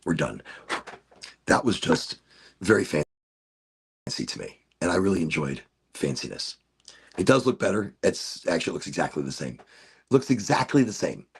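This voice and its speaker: A man hosting a relaxed livestream session, talking in a loose, wandering way full of asides and giggles. His voice is gravelly and somewhat husky, and his pitch swings widely from low mutters up to bright, lifted exclamations. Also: moderate pace, pauses often. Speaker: livestream show host. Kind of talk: casual rambling livestream chat.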